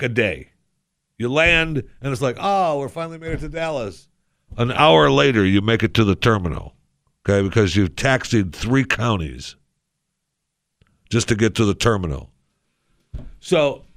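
Rambling talk radio host, dry studio sound. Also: male voice, mid-range voice, a bit bright, no echo. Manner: rambling, self-interrupting, wry. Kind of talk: casual talk radio commentary.

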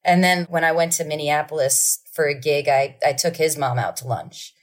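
A woman's voice: low voice, normal speed. A woman musician telling casual stories as a podcast guest, acting out the people in them. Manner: lively anecdotes with acted-out quotes. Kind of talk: casual storytelling.

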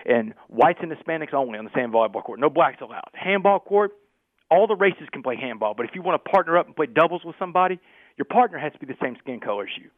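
Fast-talking man on a phone line. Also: fairly high pitch, no room sound. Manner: fast, animated storyteller, keeps saying "man". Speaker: podcast guest. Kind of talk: storytelling interview.

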